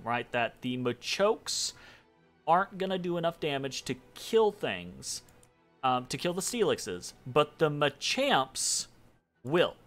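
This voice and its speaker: A man's voice: a little high, a bit bright. A man casually commenting on his strategy game turn, thinking aloud with many ums and restarts. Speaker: game streamer. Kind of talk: casual let's-play commentary.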